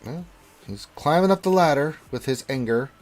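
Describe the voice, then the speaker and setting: A man streaming a game live and commenting as he plays. He jokes, talks to the characters on screen, and swings between loud excited calls and low muttering. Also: moderate pace, soft background music. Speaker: gaming streamer.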